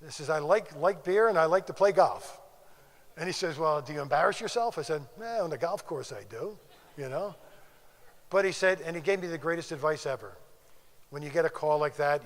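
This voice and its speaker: Older man, slightly high voice, storytelling speech, long reverb of a big hall. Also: a bit bright. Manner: storytelling, conversational, acts out quoted dialogue. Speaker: conference speaker. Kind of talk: faith testimony speech. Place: conference hall.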